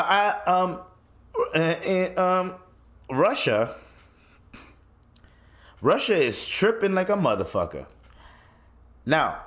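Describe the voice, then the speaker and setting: A man's voice: fairly low pitch, a bit bright. A man hosting his own podcast, ranting loosely and swearing freely, with lots of restarts. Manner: loose and rambling, with many restarts. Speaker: podcast host. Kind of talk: solo podcast rant.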